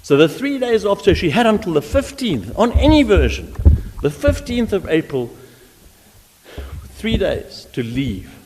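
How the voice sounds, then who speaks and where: A man arguing a legal case before judges in a courtroom, emphatic and animated, with frequent restarts. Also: high-pitched, moderate pace, a little hiss or hum. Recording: reverberant courtroom audio.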